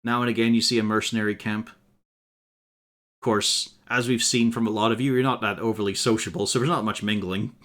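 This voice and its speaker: A man's voice: lowish voice, steady tone, moderate pace, a bit bright. A man narrating a tabletop game as game master on a live stream, in a dry, wry style with casual profanity.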